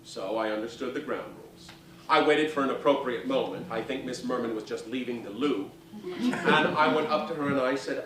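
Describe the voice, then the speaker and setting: A man in his fifties performing a one-man show, telling stories in an animated, self-mocking way. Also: mid-range voice, moderate pace, slight background noise. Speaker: stage performer. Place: theater stage. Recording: roomy live stage sound from a distance.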